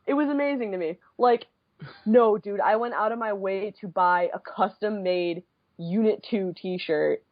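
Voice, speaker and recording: A young woman in her twenties, co-hosting a podcast and telling a story in casual chat, animated and peppered with swearing and fillers. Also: mid-range voice, no room sound. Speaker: podcast co-host. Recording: dull lo-fi podcast audio.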